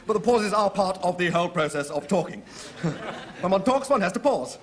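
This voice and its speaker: A man's voice: high voice, lively intonation, normal speed. A man giving a rambling, self-interrupting comic monologue to camera. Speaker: presenter.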